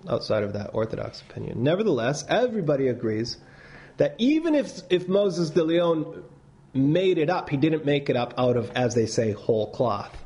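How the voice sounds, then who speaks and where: Man, teacher, classroom lecture, somewhat high voice, animated, frequent restarts, reads passages aloud. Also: moderate pace.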